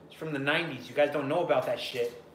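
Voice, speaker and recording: A man's voice: medium pitch, quick pace, a bit bright. A young man co-hosting a podcast, joking crudely in casual banter. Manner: crude, joking, slips into put-on voices. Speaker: podcast co-host. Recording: echoey room, faint background hum.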